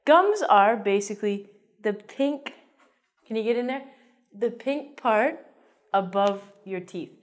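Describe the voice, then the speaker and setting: A woman's voice: medium pitch, expressive, takes it slowly, long pauses. A woman teaching an English vocabulary lesson in a playful, jokey way, with theatrical asides.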